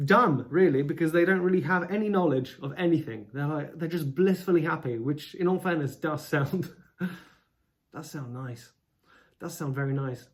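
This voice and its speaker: A man thinking out loud as he reads scripture, with a rambling, self-deprecating, easygoing delivery. He wanders between quoted verses and casual asides, recorded indoors at home. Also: fairly high pitch. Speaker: video creator. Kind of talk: casual musing while reading scripture aloud.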